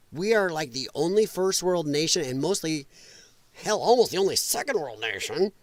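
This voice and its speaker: Male livestream host, high and animated, blunt and sarcastic. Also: no echo. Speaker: podcast host. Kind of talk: livestream commentary.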